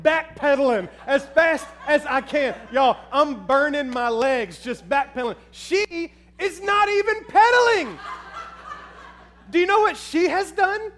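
A man preaching a sermon, telling a personal story in an animated way and talking straight to the crowd. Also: very high voice. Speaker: pastor.

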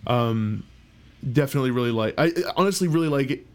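A man's voice: mid-range voice, expressive, fast, darkish tone, clean tone. A man co-hosting a podcast in casual chat, speaking hesitantly with many fillers and restarts. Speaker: podcast co-host.

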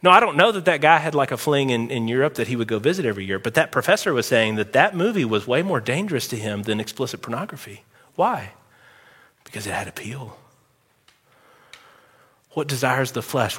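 A man preaching a sermon as pastor, emphatic and animated, with sudden loud outbursts. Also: mid-range voice, husky. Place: church sanctuary. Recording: long hall reverb.

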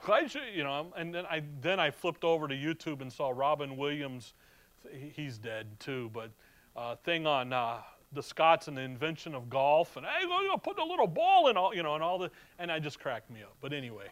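A man's voice: a little high, fairly bright tone. A middle-aged man as a pastor, preaching in a conversational way and reading scripture aloud to his church. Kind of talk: sermon.

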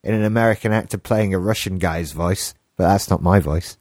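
A man's voice: deep voice, fairly quick, darkish tone, no echo. A man with an English accent co-hosting a podcast, musing in a casual discussion and thinking aloud with restarts. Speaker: podcast co-host.

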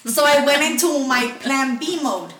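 A woman's voice: high-pitched, unhurried, crowd noise. A woman, telling a story on a podcast, swearing constantly and acting out both sides of a phone call. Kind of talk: casual storytelling with profanity. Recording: echoey room, mic at a distance, faint noise.

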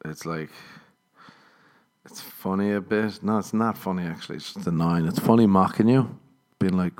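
Low-voiced, profane ranting comedian man. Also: moderate pace, darkish tone. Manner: profane, exasperated, sarcastic. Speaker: stand-up comedian. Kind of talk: casual ranting monologue.

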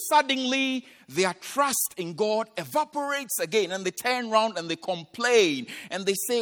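A high-voiced man preaches with a lively, swooping delivery. He retells a scripture story dramatically and acts out its voices. His voice rings with a long hall reverb. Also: moderate pace, hardly any pauses. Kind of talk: sermon.

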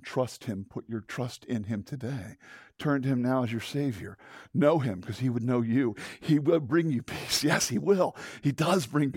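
A male pastor preaches with a high, lively voice that swoops up and down. He restarts his phrases and repeats words, and he puts questions straight to his listeners. The recording is close and dry, with no room sound. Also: dry recording. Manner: rhetorical questions to the congregation. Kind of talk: sermon.

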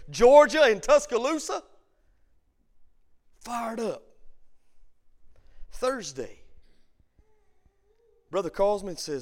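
Man, pastor, Bible study sermon, animated pitch. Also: slow pace, pauses often. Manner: preacher who shouts for emphasis, then tells stories softly.

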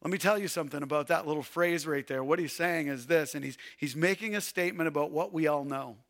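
A man preaching a sermon as pastor, swinging from shouted urging to hushed, quiet pleading. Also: fairly high pitch, quick pace.

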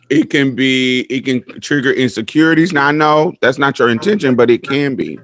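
A man's voice: mid-range voice, a little slow, a bit bright. A man co-hosting a podcast in casual chat, talking frankly and giving his opinions. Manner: chatty, frank, gives opinions. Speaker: podcast co-host.

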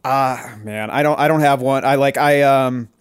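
A man's voice: mid-range voice, normal speed, smooth, dry recording, clean studio sound. Laid-back man with lots of fillers. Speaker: writer, podcast guest. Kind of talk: casual podcast chat.

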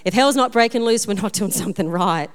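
A woman pastor delivers a sermon full of personal stories, lively and self-deprecating. Her voice is smooth and resonant at a middle pitch. The recording carries a long hall reverb from the church room. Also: a little fast.

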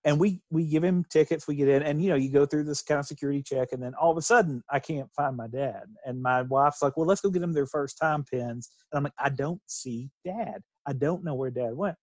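Middle-aged man from Kentucky, rambling casual storyteller, slightly high voice, dry sound. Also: quick pace, hardly any pauses, a little mellow, dry recording. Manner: rambling, restarts and laughs while telling stories.

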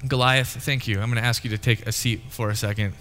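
In a reverberant hall, a pastor with a mid-range, slightly bright voice talks fast with fairly even intonation. His sermon includes a live demonstration as he tells a story playfully and conversationally, acting out the quotes.

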